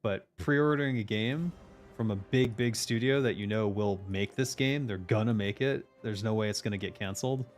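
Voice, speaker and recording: A man's voice: on the low side, moderate pace, faint music behind. A man hosting a casual stream chat as a game designer, ranting emphatically with lots of swearing.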